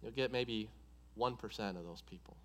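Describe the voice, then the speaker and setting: A man's voice: fairly low pitch, normal speed, a bit bright. A man preaching a sermon, driving points home with an emphatic, repetitive cadence.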